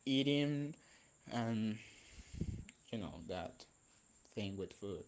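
A man's voice: lowish voice, expressive, drawn-out words, darkish tone, slight background noise. A young man whose first language is Spanish, venting in a casual vlog, rambling and swearing with many fillers and restarts. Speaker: vlogger.

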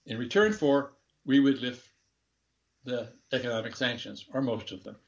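A man's voice: medium pitch, steady tone, moderate pace, muffled recording. Older man telling a candid story. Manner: candid, rambling anecdotes with chuckles and self-corrections. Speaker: former diplomat, guest. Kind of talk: casual storytelling interview.

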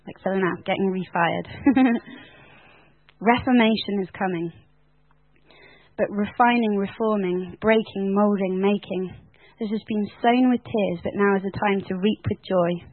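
A woman teaching at a Bible school in an animated, sermon-like way, laughing often and filling her talk with "like". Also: medium pitch, a little slow, no room sound. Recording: tinny phone-like sound.

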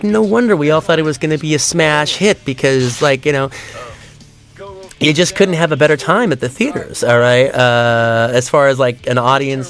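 Rambling, animated man giving film commentary. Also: mid-range voice. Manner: animated, acts out audience reactions in a raised voice; rambling, with many fillers and restarts. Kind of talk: casual audio commentary.

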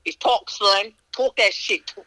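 Bright-voiced, blunt woman podcaster. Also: mid-range voice, slow, no room sound, rough recording. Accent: Northern US. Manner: blunt, profane, animated storytelling. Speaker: podcast co-host. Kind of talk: casual chat.

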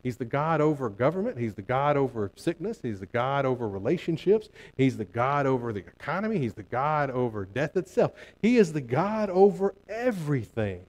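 A man's voice: medium pitch, very animated, moderate pace, hardly any pauses, a little mellow, poor audio. A male pastor preaching a sermon earnestly, building emphasis through repeated phrases and frequent restarts.

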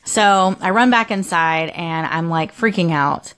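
A woman's voice: lowish voice, unhurried, fairly bright tone. Rambling young woman telling her day. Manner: rambling, filler-heavy, with many restarts. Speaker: vlogger. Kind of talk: casual personal storytelling.

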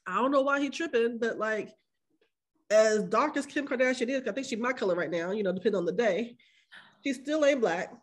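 An animated woman co-hosting a podcast, talking in loose, slangy casual chat. Her voice sits a little high, and she laughs often between points. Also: fairly quick. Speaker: podcast co-host.

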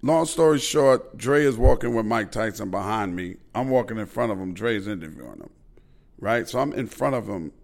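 A man's voice: fairly low pitch, expressive, normal speed, gravelly. A man, telling stories animatedly and with profanity as a podcast host. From Queens, New York. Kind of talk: casual storytelling chat.

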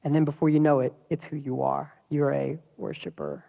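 A man preaching a sermon in a church, talking in a lively, conversational way and throwing rhetorical questions at the congregation. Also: on the high side, normal speed, gravelly, in a large hall. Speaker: pastor.

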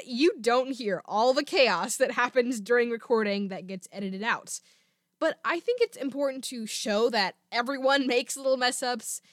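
A woman's voice: fairly high pitch, fairly bright tone, no room sound, studio quality. A woman hosting a podcast, chatting casually and poking fun at herself. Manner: chatty, self-deprecating. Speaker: podcast host.

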